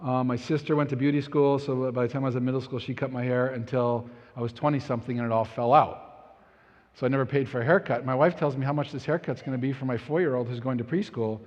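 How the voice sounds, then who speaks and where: A man's voice: medium pitch, fast talker. A man in his thirties preaching a sermon as a casual, self-deprecating story about his own blunders. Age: 30s. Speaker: pastor. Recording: dull audio in a reverberant hall.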